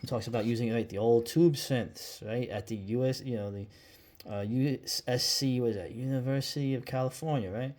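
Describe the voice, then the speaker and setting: A man talks casually through a book he likes, in a loose and rambling vlog. His voice sits at an ordinary middle pitch, full of "uh" and "right?" as he jumps from one point to the next. His talk is easygoing and now and then profane. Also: fairly quick, darkish tone. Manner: rambling, lots of fillers and asides; casual, swears, says "dude" and "right?". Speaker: book reviewer.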